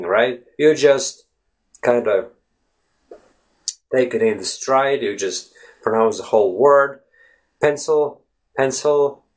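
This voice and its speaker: A man hosting a lesson, answering a viewer's question in a relaxed, thinking-aloud way, with many fillers and example words said over and over. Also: medium pitch. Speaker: English teacher, channel host.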